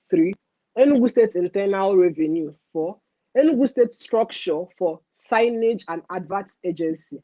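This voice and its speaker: A young woman with a Nigerian accent hosting a casual livestream rant, animated and mixing in pidgin phrases. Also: mid-range voice, no echo, dull audio. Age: young adult. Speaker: livestream host.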